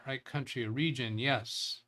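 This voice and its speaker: A man's voice: medium pitch, steady tone, a little slow, bright, forceful tone. A man hosting a live tech show, reading viewer chat and thinking aloud in a loose, rambling way. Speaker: tech livestream host.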